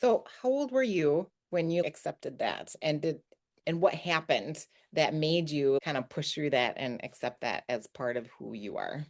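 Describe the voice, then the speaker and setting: A woman hosting an interview, asking questions in a soft, encouraging way. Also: deep voice, lively intonation, unhurried. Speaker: host.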